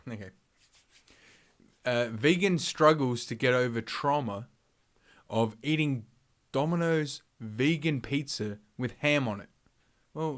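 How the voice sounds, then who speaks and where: A man streaming live, ranting through his opinions in a rambling, profane way, full of fillers and restarts. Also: medium pitch. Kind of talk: livestream commentary rant.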